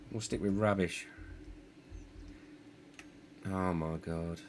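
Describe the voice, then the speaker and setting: A man's voice: sits low, lively intonation, measured pace, long pauses, fairly bright tone, a little hiss or hum. A man streaming a city-building game, thinking aloud in a rambling, self-deprecating way. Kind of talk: live gameplay commentary.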